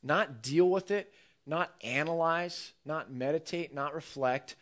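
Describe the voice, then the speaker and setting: A man preaching a sermon, telling a story with lively, acted-out quotes. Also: fairly high pitch, measured pace. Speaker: pastor.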